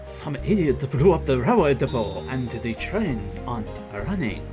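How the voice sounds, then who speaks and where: A man's voice: mid-range voice, big pitch swings, measured pace. A man voicing a confident middle-aged male exorcist with an attempted foreign accent. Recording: game music behind.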